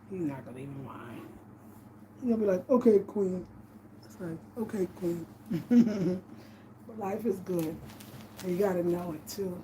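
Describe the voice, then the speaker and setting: A woman's voice: fairly low pitch, mellow, slight background noise. A chatty woman vlogging at home, laughing often and talking in a casual, slangy way. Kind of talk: casual chat to camera. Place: outdoors at night on a country road, then indoors at home.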